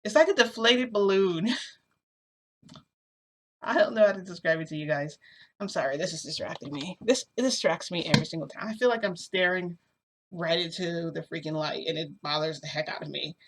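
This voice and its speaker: A woman telling a long story to her camera in a rambling, animated way, with lots of fillers, filmed indoors at home. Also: low-pitched, fairly quick, a little hiss or hum. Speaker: vlogger. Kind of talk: casual storytelling vlog. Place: indoors at home under a bright light.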